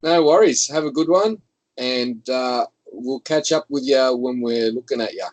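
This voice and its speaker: A man's voice: medium pitch, unhurried, dry recording, low-quality recording. Laid-back Australian man, dry sound. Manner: laid-back, slangy and friendly. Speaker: guest. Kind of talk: casual chat.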